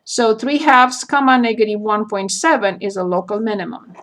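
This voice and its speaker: A woman math teacher giving a recorded calculus lecture, slowly spelling out each point and step as she works through a graph. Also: medium pitch, fairly even intonation, fairly bright tone.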